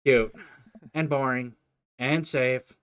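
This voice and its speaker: A man's voice: medium pitch, fairly even intonation, slow, fairly bright tone, clear, resonant tone. A young man, a let's play host, reading a dating game aloud with joking, crude asides. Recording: faint game music behind.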